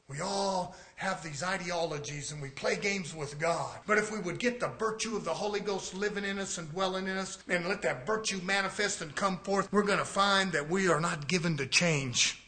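At a moderate pace with hardly any pauses, a male preacher moves from hushed, low-pitched stretches to shouted exhortations, addressing his brothers and sisters again and again.

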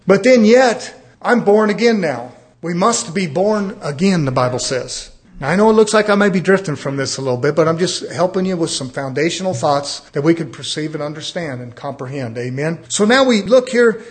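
A man in his fifties preaching a sermon, asking rhetorical questions and calling for amens. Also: on the high side. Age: 50s. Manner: animated preaching, rhetorical questions, calls of amen.

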